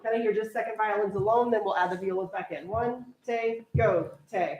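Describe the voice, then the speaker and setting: A young woman orchestra teacher directing a string rehearsal, briskly counting off and coaching her players. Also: mid-range voice, a little mellow, far from the mic. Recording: echoey room, voice from afar, strings playing.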